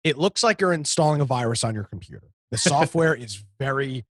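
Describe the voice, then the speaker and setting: A man co-hosting a casual tech talk show over a video call, rambling and joking as he recommends software. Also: medium pitch, animated, fairly quick, no echo, studio quality. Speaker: co-host.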